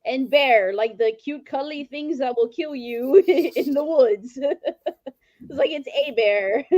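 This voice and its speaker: A woman's voice: high voice, takes it slowly, dark tone, no room sound. A woman from Louisiana, a podcast guest chatting casually and laughing easily. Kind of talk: casual chat.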